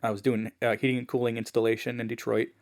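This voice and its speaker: Brief: gravelly male podcast guest, casual and animated, mid-range pitch, acts out quotes in his story. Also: quick pace. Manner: fillers like "man" and "like".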